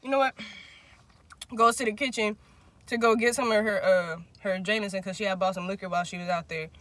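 Young male vlog host, bright tone, animated and profane storyteller who jumps in pitch to act out quotes. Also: brisk, no room sound. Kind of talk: casual storytelling chat.

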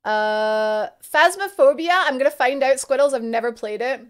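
A woman's voice: high voice, moderate pace, smooth. A young woman streamer chatting casually and giggling as she greets her viewers by name. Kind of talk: casual live-stream chat.

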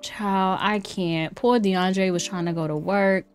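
A young woman talks her way through a game in an unhurried, drawn-out way, chatty and playful. She laughs often and jumps into excited exclamations. Soft lofi music plays faintly behind her. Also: medium pitch. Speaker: let's play streamer. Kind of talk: casual game commentary. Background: faint lofi background music.

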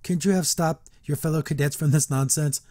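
A man's voice: fairly high pitch, fairly even intonation, fairly quick, dark tone, no echo, studio quality, close to an everyday voice. A man reading a stern, cold sorceress commander's lines plainly from a storybook. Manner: read plainly from a book.

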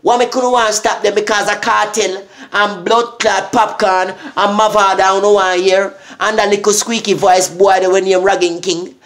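A Jamaican man with a high voice rants to camera, heated and full of swearing. He keeps asking "eh?" to drive each point home. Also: flat delivery, moderate pace, few pauses, a bit bright. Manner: profane, heated, repeating "eh?". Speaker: vlogger. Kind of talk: angry rant.

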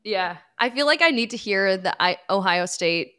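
A woman co-host talking from her home in a relaxed podcast chat. Her voice sits at an ordinary middle pitch, and she asks her questions with easygoing curiosity. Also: normal speed, smooth.

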